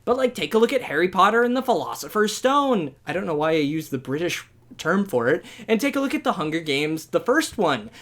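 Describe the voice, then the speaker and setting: A young adult movie reviewer giving a ranting, sarcastic video review, firing off rhetorical questions with animated exasperation. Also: medium pitch.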